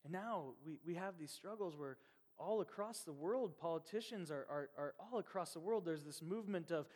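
A man from Nebraska preaches in a relaxed, animated, conversational way, slipping into quoted voices. His voice sits high for a man. The sound rings with the long reverb of a church hall. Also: fairly quick. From Nebraska, USA. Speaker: pastor. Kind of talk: sermon.

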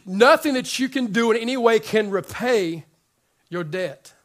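A man's voice: high-pitched, expressive, a little slow, fairly bright tone. A man preaching a sermon to his congregation in a conversational, joking way, often repeating words as he builds up. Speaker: pastor.

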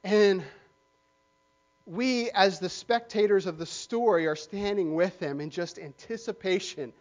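High-voiced man preaching a sermon. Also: unhurried. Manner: rambling storyteller, lots of fillers and restarts.

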